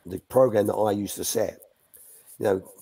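A man's voice: on the low side, steady tone, moderate pace, gravelly, mellow, husky. An older man, a former youth coach, telling anecdotes as a guest in a live Q&A, restarting sentences as he goes. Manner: chatty, restarts sentences, acts out quotes.

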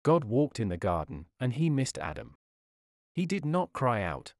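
A man reading a Victorian sermon in an earnest, formal preaching manner. His voice sits at an ordinary male pitch, and the recording is close and dry with no room sound. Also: sing-song, a little slow, darkish tone, no echo. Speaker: sermon reader.

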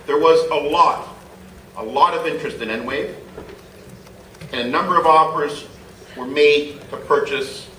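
A man's voice: mid-range voice, sharp tone, distant mic, slight background noise. A man, a mayor, giving a formal council speech and stressing key words by repeating them. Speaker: mayor moving a motion at city council. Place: large council chamber. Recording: echoey chamber audio from afar.

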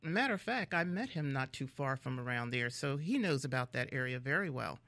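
A woman's voice: very deep voice, animated, a little fast, fairly bright tone, no echo. A woman from the Philadelphia area hosting a casual radio interview, chatty and laughing often. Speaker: radio host.

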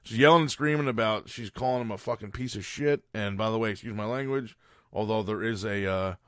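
A man's voice: fairly low pitch, brisk, fairly bright tone, smooth, no room sound, studio quality. A man hosting a podcast, telling a story as a casual rant in a blunt, profane and exasperated way. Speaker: podcast host.

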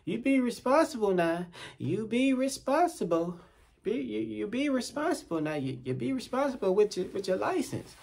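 Guy putting on his stern mom, high and scolding, says the same thing again and again. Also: very animated, normal speed, vocal fry, a little mellow, full character voice. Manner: repetitive, scolding. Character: stern older mother lecturing her son.

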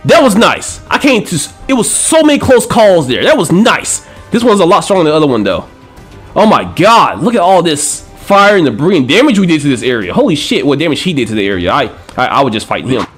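A man giving excitable gameplay commentary, swearing and trash-talking enemies with frequent panicked outbursts. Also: fairly high pitch, a little fast, slightly rough, faint music behind. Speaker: gaming channel host.

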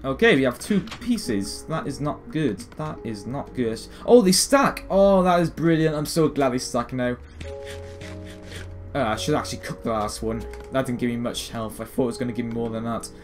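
A man's voice: mid-range voice, lively intonation, moderate pace, over music. A British man in his late teens, rambling and self-mocking through gameplay commentary. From Britain. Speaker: gaming video host.

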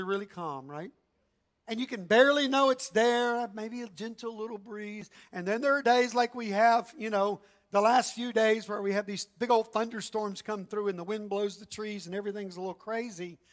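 A man preaching a sermon in an animated, emphatic, conversational way. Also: high voice.

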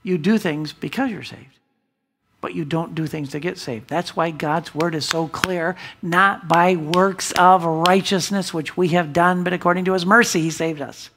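Male pastor, emphatic sermon delivery, swings from loud to hushed, church sanctuary. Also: on the high side, steady tone, moderate pace, slight background noise. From United States.

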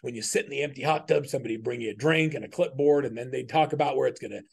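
A middle-aged man teaches as a business coach in a webinar, earnest and conversational, drawing on personal stories and often restarting his sentences. His mid-range voice races along, creaky with a breathy edge.

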